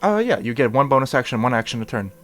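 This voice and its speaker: A man's voice: medium pitch, very animated, fast talker, faint music behind. A man running a tabletop game as game master, narrating in a rambling way with many fillers. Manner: rambling, full of fillers and restarts.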